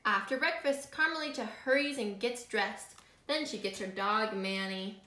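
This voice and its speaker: A woman teacher reading a picture book aloud to her students, speaking clearly, slowly and expressively. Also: mid-range voice, pushed and bright. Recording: echoey room.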